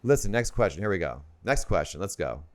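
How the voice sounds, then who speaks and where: A man with a very deep, smooth voice, talking as a guest in a podcast studio. He teases drily and deadpan, often stopping and restarting mid-sentence. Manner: dry, deadpan teasing with halting restarts. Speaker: comedian guest. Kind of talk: casual comedic chat.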